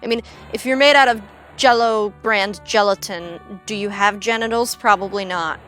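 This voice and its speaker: A woman's voice: mid-range voice, moderate pace, fairly bright tone, soft background music. A young woman chatting casually on a gaming livestream, rambling and joking with frequent swearing. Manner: rambling, jokey, swears freely. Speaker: streamer.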